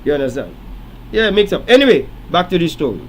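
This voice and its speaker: A man's voice: a little high, big pitch swings, quick pace, a little hiss or hum, poor audio. A man hosting a late-night call-in radio show, telling stories and lecturing emphatically. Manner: preachy storytelling, rising to emphatic lecturing.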